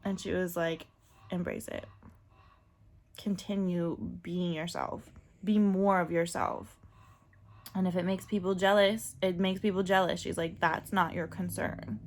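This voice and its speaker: A woman's voice: on the low side, steady tone, unhurried. A woman talking casually and candidly in a personal vlog, full of fillers and asides. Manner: chatty and candid, many fillers, laughs often. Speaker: vlogger.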